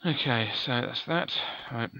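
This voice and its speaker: A man's voice: medium pitch, a little slow, pushed and bright, muffled recording, a little hiss or hum. A man giving chatty, offhand let's play commentary, often correcting himself. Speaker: gaming commentator.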